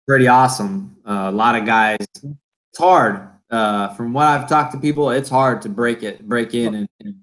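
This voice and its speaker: A man's voice: mid-range voice, normal speed, fairly bright tone, rough recording. A man hosting a podcast, asking questions in hesitant casual chat with many fillers. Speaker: podcast host.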